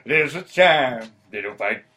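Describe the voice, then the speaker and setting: A man's voice: medium pitch, animated, unhurried, pushed and bright. A man playing a blustery, injured customer and proud father in an improvised comedy sketch, talking with indignant bluster. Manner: indignant and boastful.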